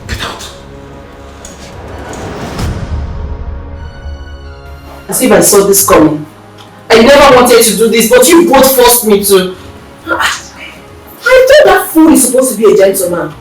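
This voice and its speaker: An actress with a Nigerian accent playing a scheming, sharp-tongued royal wife who mocks and presses with pointed questions. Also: female voice, fairly high pitch, sing-song, normal speed, long pauses. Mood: dismissive. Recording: roomy echo, mic at a distance, faint music.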